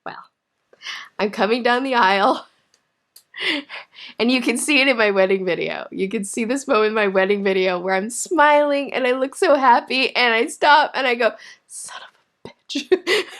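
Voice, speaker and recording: A woman knitting vlogger telling a personal story to camera in a casual, animated way, laughing often and getting emotional. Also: a little high, normal speed.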